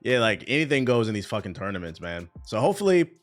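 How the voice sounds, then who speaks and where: Profane streamer chatting over a beat. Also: male voice, fairly low pitch, big pitch swings, fast talker. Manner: profane, rambling, talks to chat. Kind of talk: casual live-stream commentary. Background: music beat playing.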